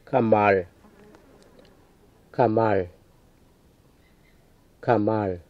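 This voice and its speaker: A man with a lowish voice says each word three times, slowly and deliberately. The old field tape sounds thin and tinny, like a phone line. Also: steady tone. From Wadeye area, Northern Territory, Australia. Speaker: language speaker repeating words. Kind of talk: slow careful word repetition for recording.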